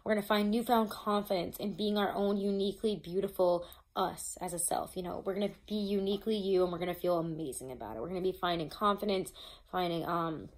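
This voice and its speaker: A woman's voice: fairly low pitch, a little fast. Chatty woman doing a tarot reading. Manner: chatty, casual, swears freely, laughs at herself; reads from notes, restarts often. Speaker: tarot reader. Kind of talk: casual tarot reading monologue.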